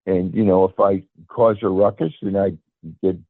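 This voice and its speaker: A man's voice: sits low, fairly even intonation, moderate pace, no room sound. A man calling in, hesitantly telling a personal story and often restarting his words. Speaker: caller. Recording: phone line, dry and gravelly.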